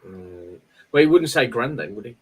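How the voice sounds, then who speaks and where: A man's voice: mid-range voice, animated, moderate pace, darkish tone, husky. A man chatting casually as a guest on a vape review panel over a video call. He is easygoing and checks facts aloud.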